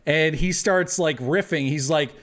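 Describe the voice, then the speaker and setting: A young man telling a funny story to friends in casual chat, animated, laughing as he goes. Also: on the high side, measured pace. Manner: animated anecdote with laughing asides and acted quotes. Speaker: tabletop game player.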